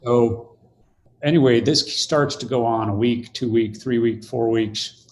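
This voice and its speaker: Older man telling a lively story. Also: mid-range voice, unhurried. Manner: animated storyteller, acts out quoted voices. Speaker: podcast guest. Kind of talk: storytelling in conversation.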